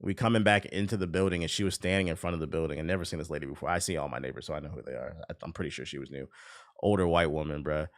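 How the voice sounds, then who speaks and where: A man streaming a game while telling a story casually, animated, swearing and laughing a lot. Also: rumbling low, racing. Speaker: gaming streamer.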